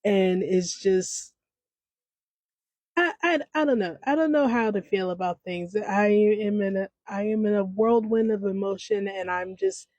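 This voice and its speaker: A woman's voice: medium pitch, unhurried, darkish tone, dry recording, rough recording. A woman in her thirties hosting a podcast, talking off the cuff in a rambling, stream-of-consciousness way with many restarts, on a home microphone. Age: 30s. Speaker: podcast host. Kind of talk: unscripted casual commentary.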